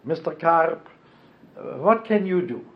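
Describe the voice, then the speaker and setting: Older man imitating a brisk Russian-accented lady. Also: a little high, lively intonation, pitched above the performer's own voice. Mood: brisk, warm. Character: kind older woman, immigration office head with Russian accent. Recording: dull lo-fi archival tape.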